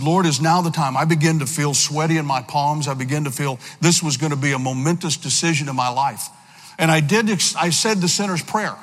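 A man giving a personal testimony in a church, telling his story earnestly with halting restarts. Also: fairly high pitch, fairly bright tone. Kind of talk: sermon testimony. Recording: long hall reverb.

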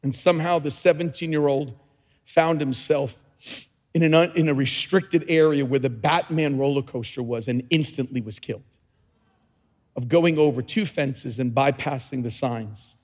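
A man preaching a sermon as pastor, his passionate delivery swinging between hushed, quiet moments and shouted peaks. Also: mid-range voice, moderate pace, big-room sound.

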